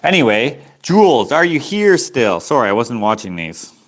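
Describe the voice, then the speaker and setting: A man's voice: medium pitch, sing-song, normal speed. A man from Canada, an artist chatting casually and rambling on a livestream while selling his prints. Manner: rambling, easygoing, chuckles at himself.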